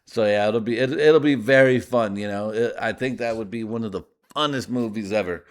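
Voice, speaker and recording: A man's voice: fairly low pitch, a little fast. A man from the US with Spanish as his first language, hosting a podcast from his garage in a rambling, profane, laughing monologue. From United States. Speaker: podcast host. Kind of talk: casual comedic monologue. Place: home garage.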